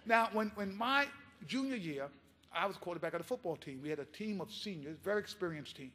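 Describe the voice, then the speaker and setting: A man giving a keynote speech, telling a story in an impassioned, animated way. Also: high voice, fairly quick, big-room sound. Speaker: keynote speaker.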